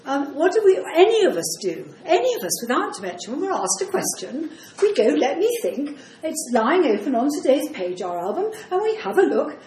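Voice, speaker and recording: A woman giving a lecture on dementia care, brisk and explanatory with frequent ums. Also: high voice, sing-song, a little mellow, a little hiss or hum. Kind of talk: lecture talk to an audience. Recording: roomy echo.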